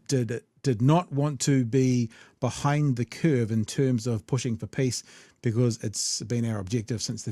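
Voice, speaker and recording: A man with a New Zealand accent hosting a casual political chat show, blunt, sarcastic and quick to swear. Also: medium pitch, warm tone, dry recording. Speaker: podcast host.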